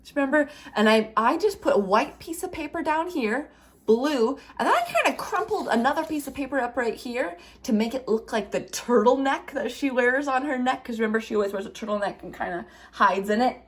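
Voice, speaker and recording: A young woman gently teaching children a craft, playful and asking them questions as she draws. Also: high voice, a little fast. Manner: warm, playful, asks kids questions.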